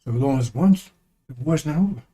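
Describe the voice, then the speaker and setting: A man's voice: fairly high pitch, animated, quick pace, mellow, husky. A man giving a blunt, profane, preaching-style monologue, repeating lines for emphasis and chuckling between remarks. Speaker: online commentator.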